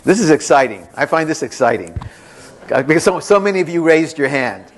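Male pastor, slightly higher voice, animated conversational sermon delivery, teases the room. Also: brisk. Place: church before a congregation.

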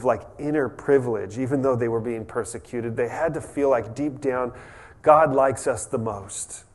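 A man preaching a conversational sermon as a pastor, relaxed and chatty, restarting sentences and adding humorous asides. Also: medium pitch.

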